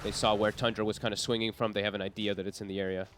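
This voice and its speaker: A man with a North American accent casting a live esports match, with quick play-by-play and reactions. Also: on the low side, level tone, a bit bright, a little hiss or hum. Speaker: esports caster.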